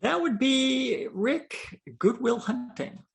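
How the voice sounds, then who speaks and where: A man's voice: extremely high pitch, expressive, slow pace, gravelly. A man co-hosting a podcast in casual chat, easygoing and hesitant, with lots of fillers. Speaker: podcast co-host.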